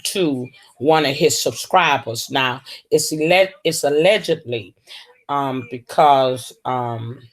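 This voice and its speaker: A woman hosting a casual livestream, drawling and calling viewers baby and honey. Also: rumbling low. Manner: slow, drawling, full of terms of endearment. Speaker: livestream host.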